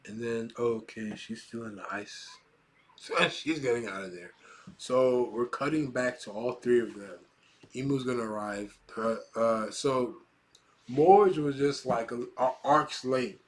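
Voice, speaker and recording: Excitable man swearing through a reaction. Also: mid-range voice, normal speed. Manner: excitable, swears a lot, laughs often; reads panels aloud in a hushed voice. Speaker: manga reaction host. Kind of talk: casual reaction commentary.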